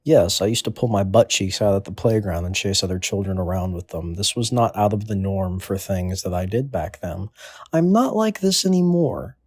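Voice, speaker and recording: A man in his twenties with a lowish voice, rambling through a crude comedic monologue in an offhand manner. The recording is dry and close, with no room sound. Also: steady tone, brisk, few pauses, darkish tone, husky, no room sound. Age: 20s. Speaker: comedic storyteller.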